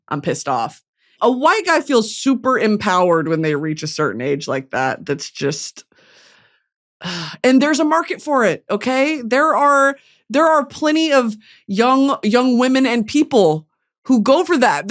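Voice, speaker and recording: A young woman hosts a podcast, delivering a casual, comedic monologue at a slightly slow pace. She's profane and animated, swinging between loud outbursts and low mutters.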